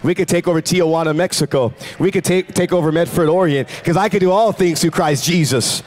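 Fervent, high-voiced preaching man. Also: brisk. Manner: fervent preaching, shouting out declarations. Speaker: guest pastor. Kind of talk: sermon. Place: church sanctuary with a congregation.

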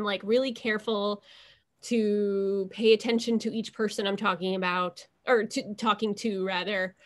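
A young woman with a gravelly, fry-laden voice talks through her ideas in a casual interview. Her speech wanders, full of fillers and restarted thoughts, in a middle register. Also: medium pitch. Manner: rambling, filler-heavy, restarts thoughts often. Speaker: interview guest.

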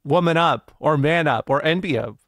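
A young man chats with his stream audience in a loose, rambling way, reading comments aloud and answering with jokes, curses and laughter. His voice sits a little higher than most men's. The sound is close and dry, with no room echo. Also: moderate pace, fairly bright tone. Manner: rambling and jokey, swears, laughs often, reacts to chat. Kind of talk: casual live-stream chat, reading chat aloud.

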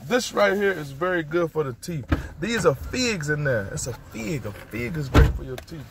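A man recording a motivational vlog outdoors by a street on a handheld phone. He repeats affirmations and gives excited running commentary. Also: fairly high pitch, moderate pace, very noisy. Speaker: motivational vlogger.

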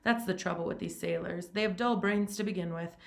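A woman voicing a suave, menacing aristocratic male hunter with genteel, mocking courtesy, raised a little above her low, gravelly reading voice. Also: brisk.

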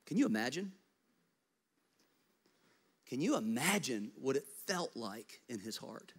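A man preaching a sermon as pastor, animated in storytelling and dropping to soft, intimate tones. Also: medium pitch, measured pace, breathy edge.

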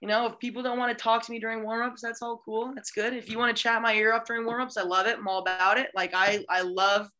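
Bright-voiced gushing young woman. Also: a little high, flat delivery, fast talker, few pauses. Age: young adult. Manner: gushing, enthusiastic, many restarts. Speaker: college beach volleyball player, podcast guest. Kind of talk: casual chat.

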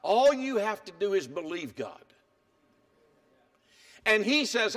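Older man, pastor, high voice, church sermon, hushed then emphatic. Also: big pitch swings, measured pace. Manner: dramatic swings between hushed and emphatic. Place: church sanctuary.

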